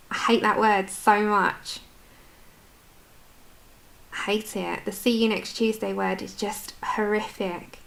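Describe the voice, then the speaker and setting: A woman from the UK chats casually to her livestream viewers while she colours, answering their comments as they come in. Her voice sits a little high and sounds bright and forceful. She talks at a desk microphone. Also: gravelly. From United Kingdom.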